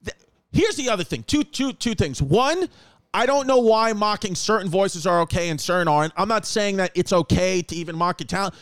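Man, high voice, rambling jokey podcast host, dry close sound. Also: fairly quick, no room sound. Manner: rambling, joking, animated. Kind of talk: casual comedic chat. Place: home apartment.

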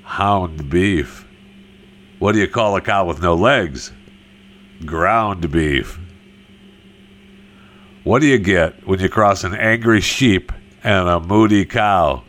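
A man telling a string of corny cow jokes in a slow delivery and laughing at his own punchlines. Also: deep voice, a bit bright. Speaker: joke teller.

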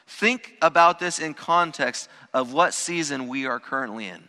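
Guy preaching a sermon, punchy and emphatic, repeats lines, bright tone, big echoey church. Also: on the high side, moderate pace, few pauses. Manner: emphatic, rising on key words, repeats phrases. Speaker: pastor. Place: church sanctuary.

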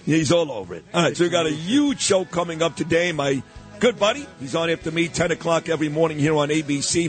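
A middle-aged man hosting a morning radio talk show, opinionated and emphatic, often repeating himself for effect. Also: fairly high pitch. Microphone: studio broadcast mic.

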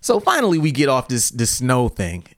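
A man casually telling a story, animated, laughing often and talking in loose slang. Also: mid-range voice, moderate pace, dry recording.

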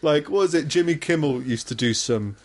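A man chatting casually, wry and quick to laugh at dark jokes. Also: a little high. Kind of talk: casual chat.

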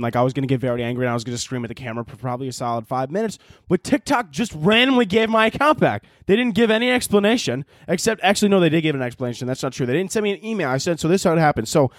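A man with a somewhat high voice hosts his own solo podcast, recorded in studio quality with no room sound. He rambles, jokes, swears a lot, and keeps interrupting himself in casual chat.

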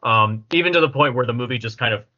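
A man's voice: medium pitch, fast talker, sharp tone. A man giving his opinions in a casual movie discussion, explaining his point with lots of "like". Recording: dull lo-fi sound.

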